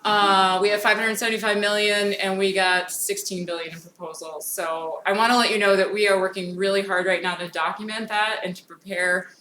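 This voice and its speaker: A woman gives a conference talk in a hall that adds a clear echo to her voice. Her pitch is mid-range, and a faint hiss sits under the sound. She speaks informally and briskly, often saying "um". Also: fairly even intonation, sharp tone. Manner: informal, frequent "um" fillers, brisk. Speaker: federal grants program speaker. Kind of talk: conference presentation. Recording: echoey room with faint noise.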